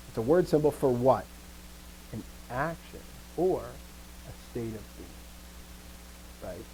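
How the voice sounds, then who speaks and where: A man's voice: medium pitch, a little hiss or hum, low-quality recording. A man teaching a live grammar lesson, asking the class questions and restarting his sentences as he thinks. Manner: lively, asks questions and answers himself.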